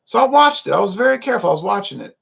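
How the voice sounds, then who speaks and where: A man's voice: high-pitched, big pitch swings, rapid-fire, creaky, fairly bright tone, husky. A man hosting a beer review video, ranting in a heated, sarcastic way. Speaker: beer review channel host. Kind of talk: casual on-camera rant.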